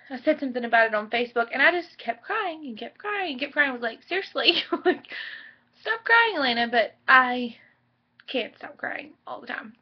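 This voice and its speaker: A young woman chatting emotionally in a home vlog, full of likes and ums. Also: fairly high pitch. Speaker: vlogger. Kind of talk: casual pregnancy vlog chat. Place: home bedroom. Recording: dull lo-fi home video audio.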